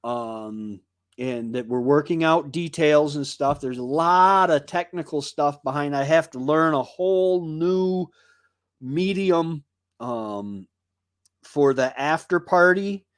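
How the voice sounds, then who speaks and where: A man's voice: a little high, takes it slowly, smooth, dry recording, studio quality. A man hosting a casual live stream, rambling and chatty as he greets viewers by name from his home.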